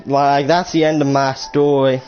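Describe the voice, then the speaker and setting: A man's voice: medium pitch, flat delivery, measured pace, darkish tone. A young man casually telling a story about his school days, rambling with lots of fillers, restarts and swearing. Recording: dull lo-fi recording with faint music.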